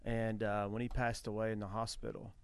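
A man's voice: fairly low pitch, little pitch movement, brisk, creaky, smooth. A man talking earnestly about worship, repeating phrases as he builds emphasis. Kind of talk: conversational preaching.

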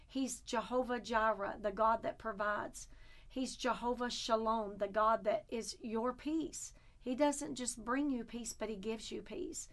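A woman's voice: on the high side, fairly even intonation, a little slow. A woman preaching fervently in conversation, quoting scripture and answering with affirmations.

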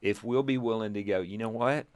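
His lowish voice is clear and resonant, and he talks fairly quickly. This Texan in his fifties, who plants churches, spins a long testimony in informal group talk, dramatizing quotes, chuckling, and restarting his thoughts.

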